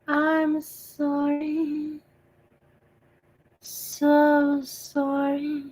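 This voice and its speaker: A woman voicing a regretful ghostly figure, wailing slowly and high. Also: completely flat delivery, a little mellow. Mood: mournful. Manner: slow, drawn-out, high and breathy wailing.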